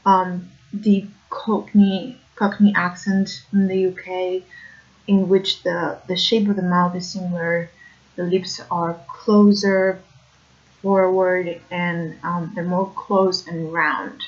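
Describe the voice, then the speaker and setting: A woman's voice: lowish voice, flat delivery, slow pace, lo-fi sound. A woman explaining accent features in a video lesson, hesitant and careful, with many fillers. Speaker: accent coach.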